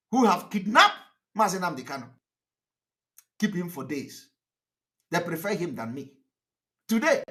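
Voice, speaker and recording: A man speaks in a high, animated voice that swoops up and down as he delivers a heated broadcast. His tone is bright and sharp, full of mocking laughs and repeated jabs at his critics. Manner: mocking, laughing, repetitive rhetorical. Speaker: activist broadcaster. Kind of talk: impassioned broadcast monologue.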